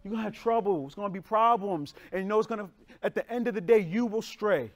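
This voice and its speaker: A young male pastor with a high-pitched voice preaches conversationally, dropping slang and swinging quickly between loud bursts and hushed lines.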